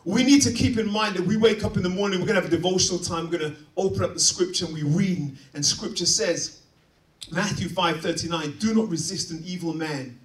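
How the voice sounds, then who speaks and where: A man's voice: high-pitched, brisk, distant mic. Man preaching in a roomy hall. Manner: dynamic delivery swinging from quiet to loud emphatic. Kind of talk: sermon. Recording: roomy, from off-mic.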